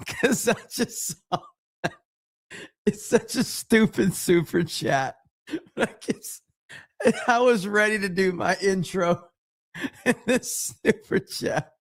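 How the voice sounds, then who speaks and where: Laughing, rambling male stream host. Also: high-pitched. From United States. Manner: laughs often, loose and rambling, reads viewer messages aloud. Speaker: livestream podcast host. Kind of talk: casual livestream chat.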